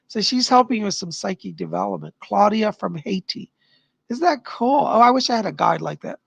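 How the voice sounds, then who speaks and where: A man hosting a live stream of psychic readings, chatty and animated, his voice tiring. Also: high-pitched, fairly quick, creaky, slightly rough, dry recording. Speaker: psychic medium host.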